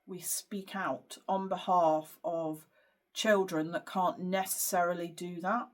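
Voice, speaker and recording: Slow, earnest woman psychic reader. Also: lowish voice, fairly even intonation. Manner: earnest, hesitant, with frequent fillers. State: emotional at times. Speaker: psychic medium. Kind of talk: spiritual card reading to camera.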